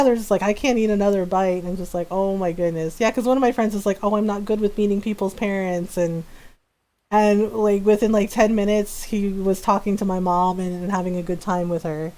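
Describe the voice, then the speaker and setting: A woman's voice: mid-range voice, a little mellow. A middle-aged woman streaming a game, chatting casually, often laughing and acting out what people said. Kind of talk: casual chat while gaming.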